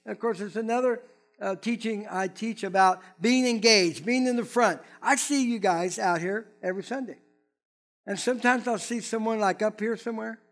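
A pastor giving a sermon in an animated, conversational way, full of asides to the congregation. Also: male voice, high voice, moderate pace.

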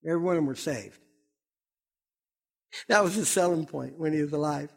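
A man's voice: a little high, a little fast, vocal fry. A middle-aged man preaching a sermon as pastor, fiery and emphatic.

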